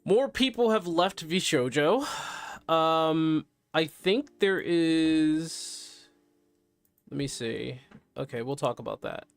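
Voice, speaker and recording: A man's voice: a little high, expressive, takes it slowly, creaky, dry recording. A man hosting a live stream, chatting candidly and in a subdued way as he reacts to news and to his chat.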